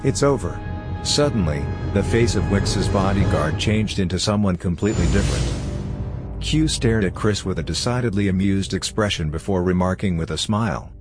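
A man narrating a story in a steady, measured scripted reading. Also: low-pitched, over music. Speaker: audiobook narrator.

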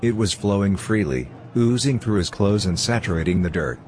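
Deep-voiced man narrating an audiobook. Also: expressive, normal speed, darkish tone, slight background noise. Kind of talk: scripted narration.

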